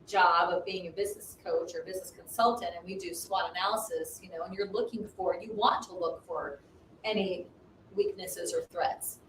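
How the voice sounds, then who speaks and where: A woman minister and business coach in casual spiritual chat, animated and acting out inner voices. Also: fairly low pitch, normal speed. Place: home livestream. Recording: roomy, distant mic, faint noise.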